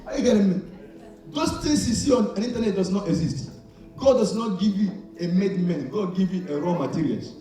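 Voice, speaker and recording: A man preaching a lively call-and-response sermon, asking the crowd to fill in words and acting out little scenes as his voice swings from loud to soft. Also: high voice, a little fast, faint music behind. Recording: echoey hall, far from the mic.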